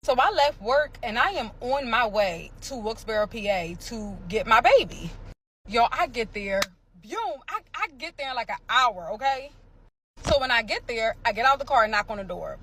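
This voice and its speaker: A woman from the area, telling a dramatic personal story in a casual, animated way. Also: on the high side, normal speed, slight background noise. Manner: animated, dramatic retelling with sound effects and quoted voices.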